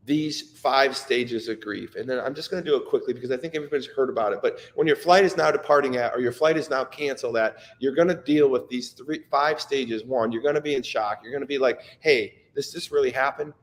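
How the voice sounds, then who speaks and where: A man's voice: mid-range voice, brisk, big-room sound. A middle-aged man giving an earnest, emotional motivational talk, often repeating himself and restarting his sentences. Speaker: speaker sharing personal stories.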